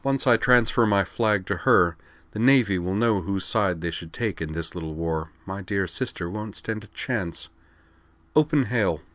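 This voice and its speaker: A man's voice: lowish voice, a little slow, a bit bright, no room sound. A man voicing a proud, scheming princess who barks orders in a sci-fi audiobook. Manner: barking commands, proud. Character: imperious haughty princess, woman, scheming.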